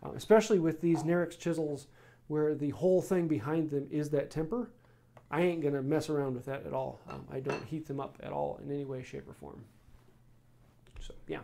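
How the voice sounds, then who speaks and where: A man hosting a live woodworking stream, answering viewer questions in a casual, rambling way with many pauses. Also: a little high, vocal fry, slight background noise. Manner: relaxed, rambling explanations with many ums. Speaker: woodworking channel host.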